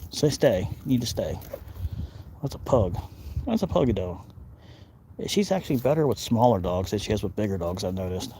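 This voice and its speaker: A man vlogging outdoors by the water on a cold day, chatting in a relaxed, rambling way and talking to his dog. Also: on the low side, moderate pace, long pauses. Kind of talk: casual outdoor vlog chat. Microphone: handheld phone camera. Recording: outdoor phone recording with background noise.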